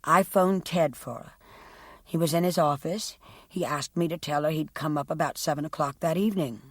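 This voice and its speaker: A woman voicing a young woman testifying about her sister in an audiobook, speaking quietly and haltingly. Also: deep voice, no echo, studio quality. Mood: subdued. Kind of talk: audiobook character reading.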